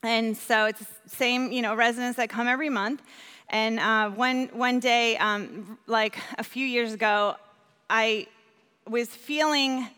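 A woman from New York giving an earnest personal testimony as a church volunteer, animated when she retells conversations. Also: a little high, a little slow, clear, resonant tone, in a large hall.

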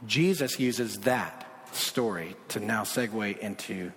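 A man preaching a sermon in a casual, conversational way, full of asides, swinging from loud bursts down to hushed low passages. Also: expressive, extremely slow, pauses often, slight background noise. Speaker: pastor. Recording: long reverb of a large hall.

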